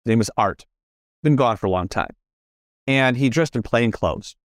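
A man's voice: medium pitch, expressive, normal speed, no echo, clean studio sound. A middle-aged man talking as a podcast guest in casual conversation, earnest and repetitive, often correcting himself mid-sentence.

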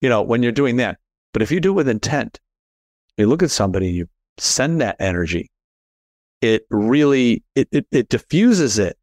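A man hosting a casual conversation, telling personal stories with animated quoted dialogue. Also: moderate pace, dry recording. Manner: animated storyteller, rises in pitch acting out quotes.

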